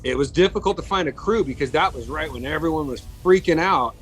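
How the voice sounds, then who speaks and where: A man's voice: a little high, fast talker, faint music behind, low-quality recording. Chatty man telling career stories. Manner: chatty, many fillers and restarts. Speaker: guest, makeup effects artist. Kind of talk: casual interview storytelling.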